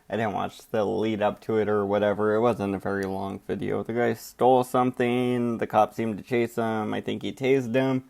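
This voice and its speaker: A man's voice: mid-range voice, vocal fry, a little mellow. A man hosting a show who comments in a laid-back, rambling way and hedges often. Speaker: show host. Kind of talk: casual commentary.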